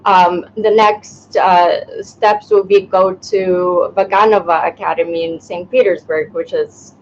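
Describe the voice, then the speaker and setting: A woman's voice: lowish voice, fairly even intonation, a little slow. Woman from ukraine, podcast co-host, hesitant chat, muffled sound, light hiss. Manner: hesitant, conversational, with restarts. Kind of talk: casual chat.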